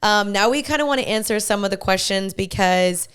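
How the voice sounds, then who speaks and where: A young woman hosts a casual podcast chat, her voice smooth and clear at a middle pitch. She tells stories animatedly, slipping into quoted voices. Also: brisk, a bit bright. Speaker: podcast host.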